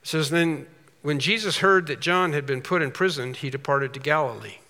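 A man preaching a sermon as pastor, emphatic, swinging from quiet asides to loud, drawn-out declarations. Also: a little high, big-room sound.

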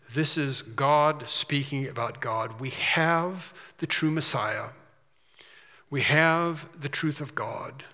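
A man preaching an expository sermon. He reads scripture aloud with rising emphasis and explains it in quick asides full of restarts. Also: mid-range voice, pushed and bright, big-room sound.

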